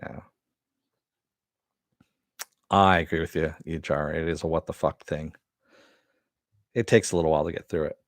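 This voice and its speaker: Deep-voiced man chatting casually. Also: steady tone, a little fast, dry recording, clean studio sound. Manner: chatty, answers viewer chat, swears. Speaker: host. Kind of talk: casual live-stream chat.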